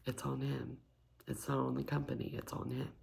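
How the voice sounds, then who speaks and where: A young woman with a Southern US accent, a whispered ASMR chat host who drifts between soft whispers and a low spoken voice. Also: level tone, moderate pace, gravelly.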